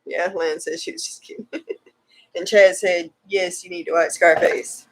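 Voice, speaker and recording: A woman's voice: on the low side, fairly even intonation, moderate pace. A woman co-hosting a casual livestream, laughing often and teasing while reading viewer comments. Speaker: livestream co-host.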